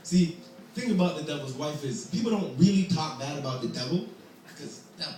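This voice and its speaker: A storyteller tells a folktale live, playful and full of chatty asides to the audience, recorded from far off in an echoey hall with a little hiss or hum. His voice is on the high side with a dark tone, lively intonation and a fairly quick pace.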